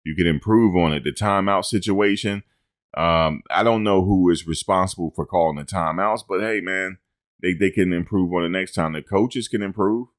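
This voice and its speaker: Deep-voiced man doing casual sports talk. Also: normal speed, dry recording, studio quality. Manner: conversational, repeats himself. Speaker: sports show host.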